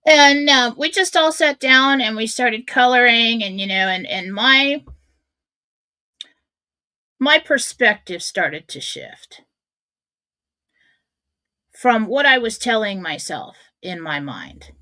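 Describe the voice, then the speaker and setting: A woman's voice: fairly high pitch, lively intonation, takes it slowly, long pauses, pushed and bright, no room sound. A middle-aged woman hosting a radio show, telling a personal story in a candid, self-mocking way. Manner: candid, self-mocking, acts out her own thoughts.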